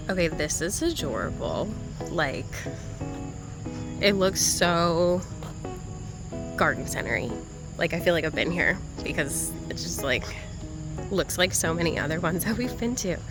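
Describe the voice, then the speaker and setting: A young woman chatting casually as a plant vlogger, giggly and filling her talk with "like", with faint music playing behind her. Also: medium pitch. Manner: upbeat voice-over narration. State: slightly out of breath. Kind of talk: casual vlog chat. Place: inside a parked car; voice-over booth, not on location.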